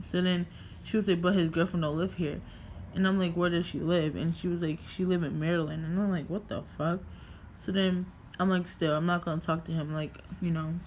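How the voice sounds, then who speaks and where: A woman's voice: fairly low pitch, slight background noise. Rambling young woman telling a story. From New York. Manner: rambling, heavy filler words, swearing. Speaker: vlogger. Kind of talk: casual storytime vlog.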